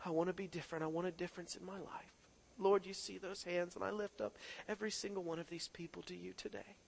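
A man preaching a sermon, moving between hushed prayer and impassioned, rising appeals to the congregation. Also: high voice, flat delivery, fast, vocal fry. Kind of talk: sermon with altar-call prayer.

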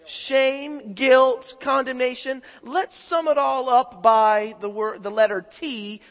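A man's voice: very high voice, fairly even intonation, takes it slowly, fairly bright tone. A man preaching a sermon who keeps putting questions to his congregation and calling for their answers. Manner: questions the congregation, call-and-response. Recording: echoing hall reverb.

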